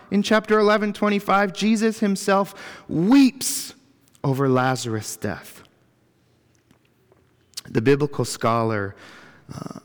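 Male pastor, unhurried, earnest sermon, reverberant sanctuary. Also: medium pitch. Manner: reflective, earnest, builds emphasis through lists. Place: church. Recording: long reverb of a church hall.

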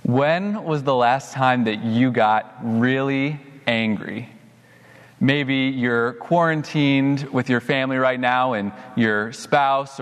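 A young man preaches with an easy storytelling manner, his voice sitting at an ordinary middle pitch. The sound rings out with a long hall reverb. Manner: storytelling, animated when quoting himself. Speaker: pastor. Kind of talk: sermon.

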